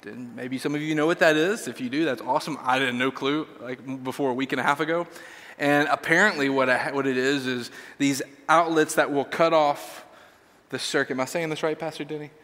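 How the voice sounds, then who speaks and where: A man's voice: medium pitch, steady tone, brisk, a bit bright. A man telling a casual, self-deprecating personal story in a sermon, with lots of fillers. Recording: long hall reverb.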